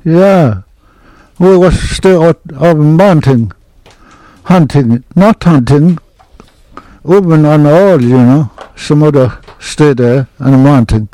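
An older man telling an oral history hunting story in halting, broken English, with many restarts. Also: on the high side, warm tone, no echo, low-quality recording. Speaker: interviewee.

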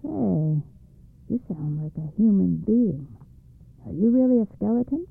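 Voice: mid-range voice, lively intonation, slow pace, creaky, breathy edge, exaggerated voice. A storyteller voicing an impatient, greedy male evil spirit in a read-aloud folktale, urging and bossing in a raised voice. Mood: urgent. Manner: urgent, bossy. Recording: dry, phone-like narrow band.

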